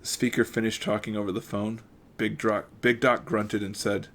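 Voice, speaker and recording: A man reading a mystery novel aloud at an even pace, with occasional stumbles and self-corrections and casual asides. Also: lowish voice, moderate pace. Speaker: audiobook reader.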